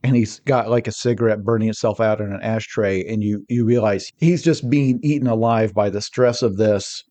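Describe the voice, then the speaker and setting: A man talking as a podcast guest, energetic and rambling, often restarting his sentences mid-thought. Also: on the low side, moderate pace. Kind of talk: casual podcast discussion.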